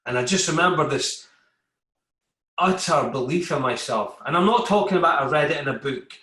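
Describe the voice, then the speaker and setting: Man, army veteran guest, candid podcast talk, sharp bright voice, roomy echo. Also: fairly high pitch, normal speed. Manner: animated storytelling, acts out exchanges with coworkers. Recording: echoey room.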